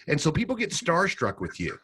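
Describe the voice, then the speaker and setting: A man co-hosting a podcast, telling stories in a casual, animated way and laughing as he goes. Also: a little high, brisk, husky. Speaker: podcast co-host. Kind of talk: casual storytelling chat.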